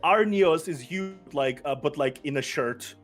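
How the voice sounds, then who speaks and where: A man's voice: on the high side, faint music behind. Giggly man with a slavic accent. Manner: playful, laughs often, halting restarts. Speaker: VTuber streamer. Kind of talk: casual collab chat.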